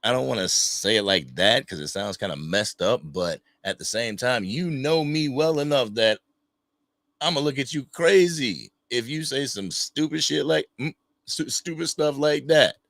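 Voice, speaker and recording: On an unscripted fan livestream, a male host with a gravelly, medium-pitched voice talks at a moderate pace over a dry recording. He's casual and animated, welcoming people from the chat and calling out their names.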